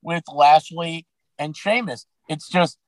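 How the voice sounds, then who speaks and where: High-voiced podcast host guy, chill, passes topics around. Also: takes it slowly, dry recording, rough recording. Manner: easygoing, hands topics to others. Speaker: podcast host leading the segments. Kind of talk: casual podcast chat.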